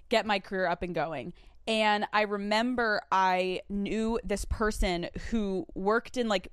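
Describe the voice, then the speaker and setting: Young woman podcast host, chatty and excitable, lots of "like", smooth clear voice, mid pitch. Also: no room sound, studio quality. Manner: excitable and chatty, full of "like" fillers; swears casually. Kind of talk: casual chat.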